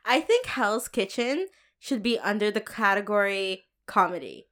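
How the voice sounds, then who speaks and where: A young woman in casual chat, giggly and animated, swearing freely as she tells stories. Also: medium pitch, unhurried.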